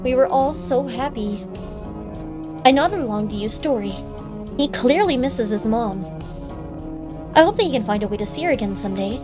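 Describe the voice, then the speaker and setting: A woman streamer reads a story game aloud in a high voice and breaks off to chat, filling her talk with casual fillers. Faint music plays softly in the background. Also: animated, a little fast, long pauses. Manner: chatty, many "like" fillers when commenting. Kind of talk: reading a visual novel aloud and commenting.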